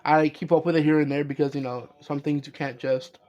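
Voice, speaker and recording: A man's voice: a little high, fairly even intonation, fairly quick, highs cut off. A young man co-hosting a podcast in casual chat, rambling with lots of fillers, restarts and casual swearing. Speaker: podcast co-host.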